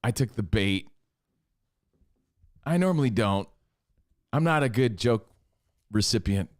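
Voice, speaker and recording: Male radio co-host, mid-pitched voice, casual self-deprecating storyteller. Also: animated, unhurried.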